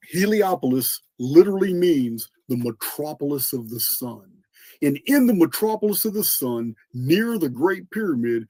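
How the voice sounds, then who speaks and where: A man's voice: medium pitch, mellow, breathy edge, dry recording. A man hosting a podcast, explaining in an earnest lecturing monologue, often restarting words and spelling out names, with a bit of a cough. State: coughing, clearing throat. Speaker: podcast host.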